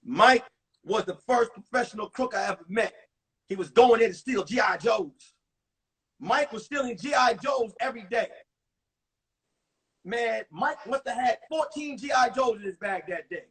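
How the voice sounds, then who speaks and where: Animated New comic telling stories. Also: male voice, very high-pitched, normal speed, breathy edge. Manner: animated, acts out voices. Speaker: comedian. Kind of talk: stand-up storytelling. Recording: distant mic on a phone livestream.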